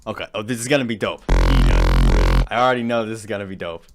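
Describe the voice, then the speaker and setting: A man's voice: fairly low pitch, very fast. A man hosting a live music production stream, talking casually and rambling, often repeating himself and laughing at his own attempts.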